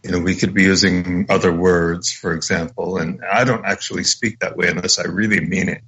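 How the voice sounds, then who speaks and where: A man's voice: low voice, fairly even intonation, brisk, fairly bright tone. A man talking on a radio show, rambling off on tangents. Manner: rambling, digressive. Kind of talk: conversational radio talk. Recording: dull lo-fi sound.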